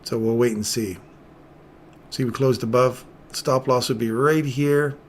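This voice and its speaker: Middle-aged male trader, mid-range voice, excitable live commentary with a self-mocking streak. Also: medium pitch, a little slow, a little hiss or hum.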